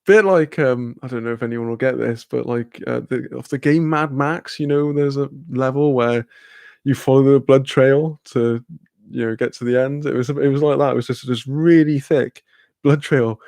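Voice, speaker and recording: A man's voice: medium pitch, fairly even intonation, moderate pace, creaky, darkish tone, no room sound, clean studio sound. A young man, casually telling a rambling story with lots of fillers, laughter and swearing. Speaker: streamer.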